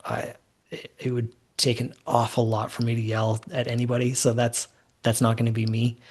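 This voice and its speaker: This is an easygoing man talking through his investing methods on a podcast. He speaks at an ordinary middle pitch. His explanations wander and fill up with "uh" and "you know.". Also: completely flat delivery, moderate pace, a little mellow. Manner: easygoing, rambling explanations with fillers. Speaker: guest, mortgage note investor. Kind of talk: conversational podcast interview.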